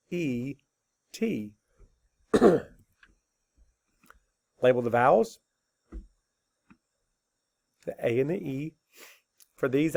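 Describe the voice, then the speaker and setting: A male teacher talks at a slow, measured pace through a spelling lesson. He spells each word out letter by letter and answers his own questions patiently. His voice has a gravelly edge, recorded dry and close with no room sound. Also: medium pitch, a little mellow, no room sound. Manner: slow, deliberate letter-by-letter dictation.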